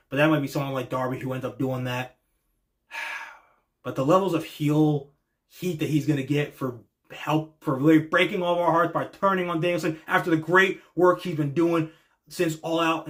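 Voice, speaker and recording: A young man delivers casual wrestling reaction commentary, excitable and full of slang, swearing freely. When acting out the wrestlers' pleas, he jumps to a much higher voice.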